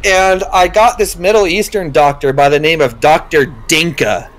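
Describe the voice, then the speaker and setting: A man's voice: a little high, moderate pace, fairly bright tone. A man telling a story in casual chat, acting out quotes in funny voices. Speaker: guest on a live stream chat.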